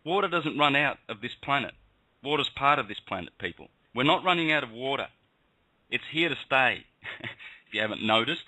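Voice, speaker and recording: A man's voice: mid-range voice, expressive, brisk, bright, forceful tone, dry recording, low-quality recording. A man hosting a call-in radio show, talking in an impassioned, emphatic rant. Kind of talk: heated call-in radio talk.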